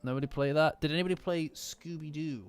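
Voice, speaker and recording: A man's voice: a little high, fast, smooth. A man from Nottingham with a Nottingham accent, chatting casually on a live stream and reading to his chat, rambling and easily distracted, poking fun at himself. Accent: Nottingham English. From Nottingham, England. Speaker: streamer reacting to a manga chapter with chat. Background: faint lofi background music.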